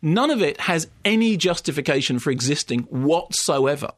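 A man giving a sardonic, animated film review, with mocking asides pitched high. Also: normal speed. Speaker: film critic.

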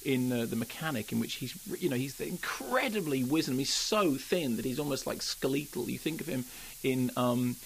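A man reviewing films on the radio, animated and jokey, acting out quotes. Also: medium pitch, normal speed, slight background noise, rough recording. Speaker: film critic. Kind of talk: radio film review chat.

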